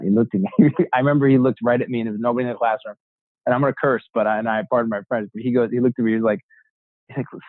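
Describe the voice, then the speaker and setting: Low-voiced man telling a story on a tinny line. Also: rapid-fire, no echo. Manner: animated storyteller acting out quoted dialogue; frank, swears casually. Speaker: guest, real estate agent. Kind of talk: casual storytelling interview. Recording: dry, tinny phone-like sound.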